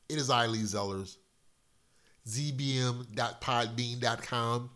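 A middle-aged man rambles through his solo podcast, loose and profane, his voice a bit stuffy from a cold. He sits at a middle pitch and jumps between loud bursts and muttered asides. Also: fairly even intonation, takes it slowly. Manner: loose, profane, rambling storyteller with big swings in loudness. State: slightly congested from a cold. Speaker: podcast host. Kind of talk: casual solo podcast monologue.

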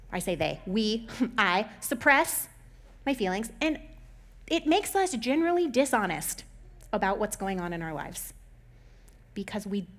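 A young adult woman talking casually as a host, chatty and full of "like" fillers, often laughing between points. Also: medium pitch. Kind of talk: casual chat.

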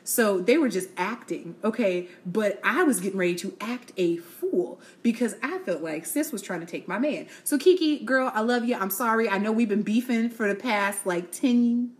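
A young adult woman hosting a casual solo podcast, gossiping in an animated way, laughing often and calling her listeners y'all, sis and honey. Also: mid-range voice, moderate pace, hardly any pauses. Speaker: podcast host.

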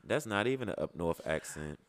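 A man's voice: sits low, lively intonation, brisk, very noisy. A young man in casual podcast chat, brash and profane, roasting his co-host in playful banter.

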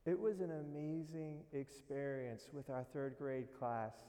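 Gentle, slow-speaking priest in a reverberant church. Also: male voice, mid-range voice, fairly even intonation. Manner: gentle, unhurried, prayerful. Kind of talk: homily. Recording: long reverb of a large hall.

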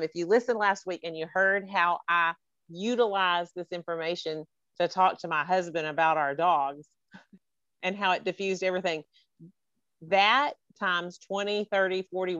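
A woman's voice: lowish voice, moderate pace, a bit bright, no room sound, highs cut off. Earnest woman hosting over a call. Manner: earnest, emotional, full of praise. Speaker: podcast host. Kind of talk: heartfelt podcast chat over a video call. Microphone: video call.

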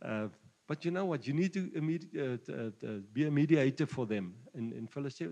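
A man with a South African Afrikaans accent preaching a sermon, jovial and quick to chuckle between points. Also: fairly high pitch, animated, darkish tone, long reverb tail. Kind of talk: sermon mixing Afrikaans and English.

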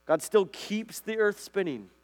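A man delivers a conversational sermon in a slightly high voice. He speaks earnestly and keeps asking his listeners questions as he goes. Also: lively intonation, unhurried. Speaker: pastor.

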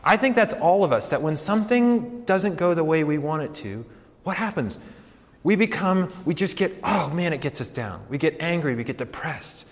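A young adult man, a campus ministry pastor, giving a conversational sermon with self-deprecating, animated storytelling. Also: a little high, moderate pace. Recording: long hall reverb.

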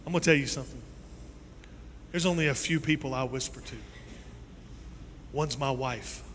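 A male pastor preaching a sermon in a church sanctuary. His delivery is animated and swings between loud and soft. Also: mid-range voice, normal speed, a little hiss or hum. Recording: long reverb in a large hall.

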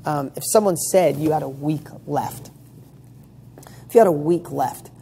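A man's voice: on the high side, unhurried, mellow, a little hiss or hum. A man giving a motivational talk as a coach, speaking emphatically, firing off rhetorical questions and swearing casually. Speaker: motivational coach for real estate students.

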